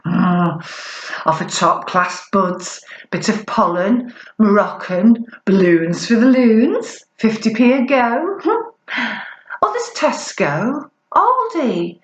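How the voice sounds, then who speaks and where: A woman's voice: lowish voice, reverberant, low-quality recording. A woman voicing a glib young royal wife, talking in a chirpy, mock-upbeat, teasing way.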